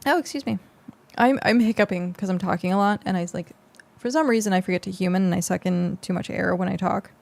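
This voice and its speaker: A woman's voice: fairly low pitch, steady tone, fast talker, vocal fry, few pauses, darkish tone. A young adult woman streamer chatting casually with her viewers on a close mic, rambling with lots of fillers. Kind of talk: casual livestream chat with viewers.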